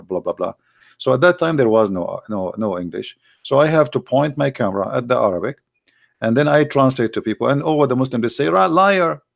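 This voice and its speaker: A man hosting a livestream who tells stories in animated, broken English and talks straight to his audience. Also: low-pitched, gravelly, dry recording, studio quality. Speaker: livestream host. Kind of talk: casual livestream storytelling.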